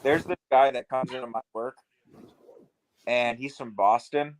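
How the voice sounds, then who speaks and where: A man's voice: medium pitch, fairly even intonation, measured pace, dry recording, rough recording. A male podcast co-host in casual sports chat, with a mid-range voice. He talks in a loose, chatty way, scattering "like" through his sentences. He chats through a ballgame with friends. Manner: loose and chatty, lots of "like" fillers.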